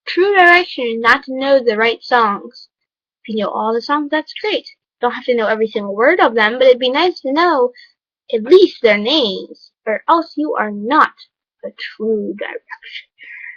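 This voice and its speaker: A woman's voice: on the high side, animated, moderate pace, a bit bright, no echo, lo-fi sound. A woman vlogger talking to camera in an emphatic, lecturing, chatty way. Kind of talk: casual vlog monologue.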